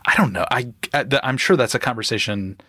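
A man's voice: mid-range voice, fast, sharp tone, breathy edge, no room sound, studio quality. A man hosting an interview, speaking reflectively and asking thoughtful questions. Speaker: host. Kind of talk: interview conversation.

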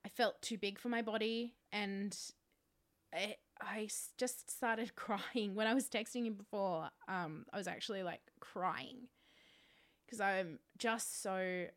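A woman's voice: mid-range voice, slow, fairly bright tone. Tired Australian woman, rambling chat. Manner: weary, rambling, self-deprecating. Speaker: podcast co-host. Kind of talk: casual chat.

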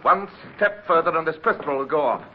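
A man's voice: on the high side, animated, fairly quick, lightly acted. An actor playing an earnest, self-blaming young English midshipman who narrates and gives clipped commands in a 1950s radio drama. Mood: commanding. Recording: dull lo-fi old radio recording with faint noise.

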